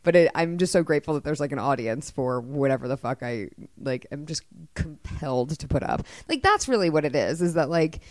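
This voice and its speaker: Speaking in clean studio sound with no room sound, this playwright guest, a woman in her thirties, chats in a casual interview. She's low-pitched and fairly quick, an animated storyteller who laughs a lot and swears casually.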